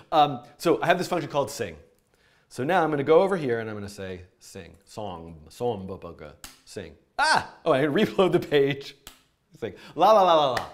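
A man talks through a live coding lesson in a loose, chatty way. He breaks off his own sentences, fills pauses and laughs at himself while he types. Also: on the high side. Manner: chatty and self-interrupting, with frequent fillers and laughs. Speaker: programming teacher. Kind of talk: live-streamed coding tutorial.

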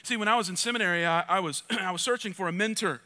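Male pastor, middle-aged, high bright voice; passionate repetitive sermon delivery, loud to soft. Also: quick pace. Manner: passionate preaching, swinging between loud urging and soft asides; repeats phrases for emphasis.

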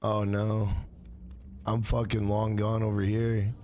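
A man's voice: fairly low pitch, monotone, takes it slowly, darkish tone, slight background noise. Foul-mouthed man streaming a game. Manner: swears often, greets chat viewers by name. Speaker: live streamer. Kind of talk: live gaming stream commentary.

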